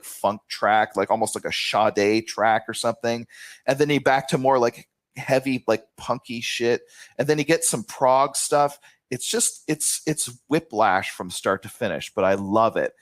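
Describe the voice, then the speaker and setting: A man's voice: mid-range voice, no room sound. A man co-hosting a podcast, enthusing about a record in loose chat, with lots of "like" and casual swearing. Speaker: podcast co-host.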